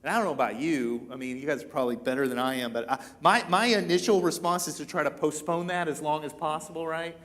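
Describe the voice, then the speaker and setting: A man's voice: fairly high pitch, fast, hardly any pauses, a bit bright. A man preaching to a church congregation, talking in a casual, conversational way and acting out the quoted lines. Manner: conversational, acts out quoted lines, many repeats. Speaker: pastor. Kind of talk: sermon.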